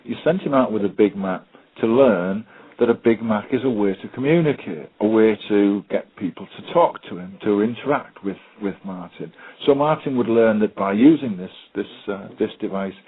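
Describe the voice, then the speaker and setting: A man's voice: lowish voice, moderate pace, breathy edge. A man giving a webinar as a special needs technology trainer, hesitant with lots of ums and stories. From United Kingdom. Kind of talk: webinar presentation. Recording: tinny phone-like line.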